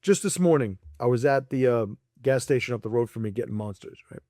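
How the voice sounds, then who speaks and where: A man's voice: mid-range voice, animated, fairly quick, darkish tone, no room sound, studio quality. A man speaking as a podcast guest in a casual chat, blunt and profane, laughing between points and acting out people he quotes.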